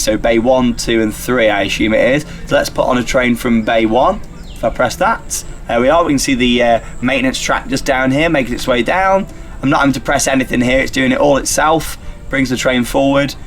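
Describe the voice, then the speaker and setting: A man giving casual, upbeat gameplay commentary as he operates a ride simulator, talking himself through each step. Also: mid-range voice. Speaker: theme park YouTuber playing a ride simulator.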